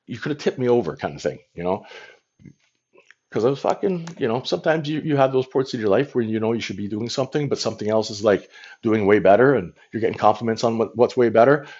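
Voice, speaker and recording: A man's voice: fairly low pitch, animated, fast talker, a little mellow, lo-fi sound. A man hosting a casual livestream, rambling frankly and swearing casually into a phone. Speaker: livestream host.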